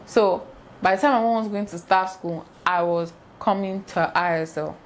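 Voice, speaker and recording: A young woman, telling a casual storytime vlog in an animated way and acting out sounds. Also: medium pitch, moderate pace. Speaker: vlogger.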